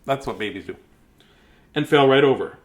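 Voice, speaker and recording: A man's voice: mid-range voice, moderate pace. A man reading a picture book aloud, chuckling and adding chatty asides to the listeners. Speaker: storybook reader.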